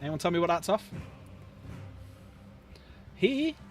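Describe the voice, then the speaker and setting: A man chats casually and jokes with his viewers as he hosts a livestream. His voice sits a little above the usual male pitch, and his talk is loose and chatty. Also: very animated, slow pace, faint music behind. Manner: chatty, jokey, talks to chat. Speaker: livestream host. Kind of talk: casual chat while painting miniatures.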